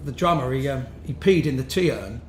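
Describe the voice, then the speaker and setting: With a mid-range voice that is animated and a little fast, this London-born musician chats as a guest in an interview. His anecdotes wander, break off, and restart amid laughter, and faint background noise hangs in the roomy recording.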